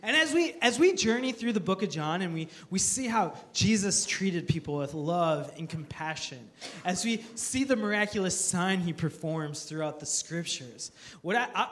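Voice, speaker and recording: High-voiced man preaching a sermon. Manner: lively storytelling with self-mocking humor; earnest, building emphasis. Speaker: pastor.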